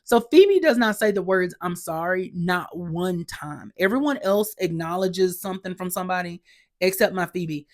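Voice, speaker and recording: A woman's voice: on the low side, moderate pace. Sassy woman recapping a TV episode. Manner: sassy, animated, exasperated. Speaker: podcast host.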